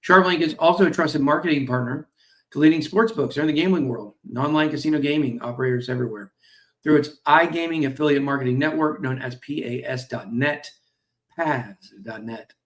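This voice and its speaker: Speaking briskly in a slightly high voice, a man hosts a crypto stream, casually reading and reacting to company news with jokes, fillers and apologies. Despite the pace he's tired and yawning; the audio comes from a streaming mic.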